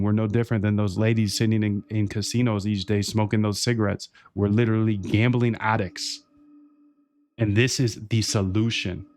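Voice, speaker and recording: A man with a fairly low voice talks straight into a close mic with no room sound. He runs a live-stream sales pitch with nonstop hype and calls the viewer dude and bro. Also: darkish tone, no echo. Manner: pushy and hyped, keeps saying dude and bro. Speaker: trading channel host.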